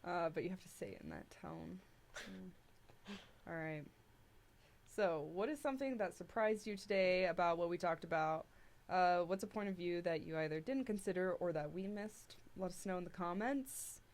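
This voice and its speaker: A young woman co-hosting a casual discussion podcast. She talks in a chatty, upbeat way, peppered with "like". Her voice sits a little low for a woman. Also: expressive, moderate pace, vocal fry. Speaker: co-host.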